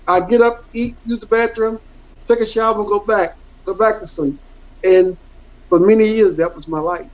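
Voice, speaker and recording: A middle-aged former football player, appearing as an interview guest, tells his story candidly, earnest and rambling, repeating words for emphasis. His voice is high with fairly even intonation and a moderate pace. The audio is dull and lo-fi.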